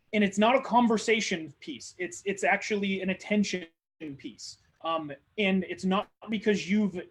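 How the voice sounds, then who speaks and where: A man hosting a live webinar who coaches on networking in an energetic, conversational way and acts out sample dialogues. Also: sits high. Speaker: marketing coach, webinar host.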